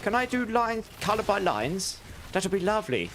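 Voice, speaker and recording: A man putting on the voice of a posh, fussy elderly British grandmother with a prim, high, plummy accent. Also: big pitch swings, moderate pace, noisy background. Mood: prim, doting.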